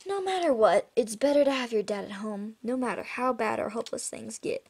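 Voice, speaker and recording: Brief: husky boy, sincere and hesitant, soft delivery, read by a woman. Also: a little high. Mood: earnest. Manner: quiet, halting and earnest.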